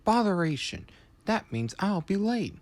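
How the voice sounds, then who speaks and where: A proud, impatient storybook engine with a bossy, brash edge, as a man puts him on. The voice is pitched higher than the narration and keeps a lively, bouncing tone. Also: measured pace, dry recording. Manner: brash, then flustered and stammering.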